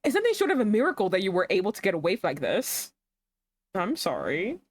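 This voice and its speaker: A woman's voice: mid-range voice, wildly swooping pitch, brisk, no echo. A woman streamer reading a romance game aloud and breaking off into sarcastic, swearing asides.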